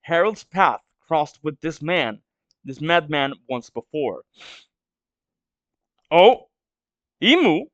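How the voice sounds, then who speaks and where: A man's voice: a little high, takes it slowly, fairly bright tone, dry recording, dull audio. A man with a stuffy nose from a cold, reading a manga aloud and reacting to it in hesitant, filler-heavy musing.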